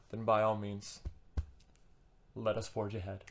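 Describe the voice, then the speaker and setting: A man's voice: fairly low pitch, monotone, a little slow, long pauses, a little hiss or hum. A man giving a casual, sarcastic and rambling book review as a vlogger, with comic asides.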